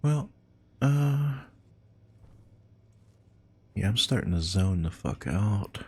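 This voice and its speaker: A man's voice: lowish voice, animated, takes it slowly, slightly rough. A sleepy, yawning man chatting casually while playing a game live, laid-back and swearing now and then. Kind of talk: casual live gameplay chat. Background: game music.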